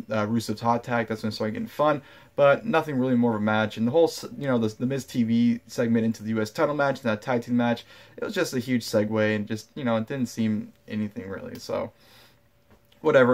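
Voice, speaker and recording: A man talks quickly through a wrestling event recap in a loose, unscripted way. His pitch sits in an ordinary middle range. He sounds blunt and dismissive, piling up fillers and restarts. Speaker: wrestling show reviewer. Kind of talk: casual spoken review.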